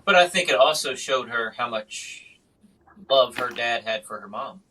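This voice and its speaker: A male podcast host who is also a magician spins animated stories in a casual chat. His mid-range voice is bright and forward, at a moderate pace. He sits a little away from the microphone, so the sound is slightly distant, with a little hiss or hum.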